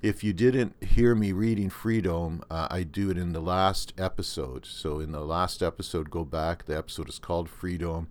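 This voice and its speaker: Very deep-voiced older Canadian man. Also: moderate pace, few pauses. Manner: rambling, with many restarts and fillers. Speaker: podcast host. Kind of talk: casual monologue.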